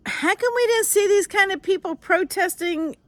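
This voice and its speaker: A woman's voice: very high voice, moderate pace, no room sound. An older woman, an author, with a nasal voice, chatting casually on a live stream, rambling and greeting viewers by name.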